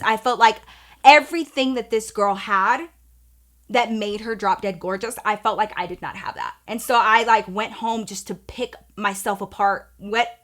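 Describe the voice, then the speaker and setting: A young woman talks straight to her viewers in a bright, forceful voice that sits a little high. She is candid and chatty, swears freely and calls her audience "y'all". She tells a personal story casually, like gossip with a friend. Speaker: storytime vlogger.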